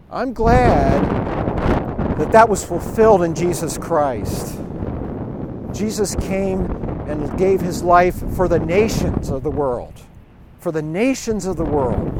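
High-voiced middle-aged man preaching outdoors. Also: a little mellow, slight background noise. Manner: conversational, storytelling, chuckling asides. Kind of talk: informal sermon.

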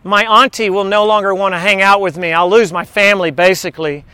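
A hesitant, earnest man worried about losing his family, quoted by a preacher in his own voice. The voice sits fairly high and sounds clear. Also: steady tone, brisk, bright, forceful tone, dry recording.

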